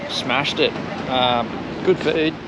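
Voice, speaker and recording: A man's voice: medium pitch, slow. Laid-back Aussie travel vlogger, young man, slangy and upbeat, recorded outside with wind in the mic. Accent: Australian. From Australia. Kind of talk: casual travel vlog. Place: outdoors on a windy coast. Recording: outdoor recording with wind noise.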